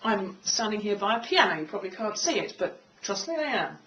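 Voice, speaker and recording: A woman speaking coach giving a clear, measured talk on confident speaking, in a room with a piano. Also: sing-song, fairly bright tone, recorded from a distance, highs cut off. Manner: clear, measured, demonstrates pitch by singing. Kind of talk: instructional talk to camera.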